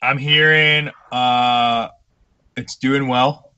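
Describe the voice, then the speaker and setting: A young man co-hosting a casual podcast, a pro wrestler who tells animated stories and swears casually. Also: mid-range voice, very slow, clean tone, lo-fi sound.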